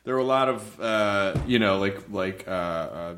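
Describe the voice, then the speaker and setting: A man's voice: on the low side, measured pace, fairly bright tone. A man in his forties co-hosting a podcast, asking questions and trailing off into fillers. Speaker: podcast co-host. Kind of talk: casual podcast chat.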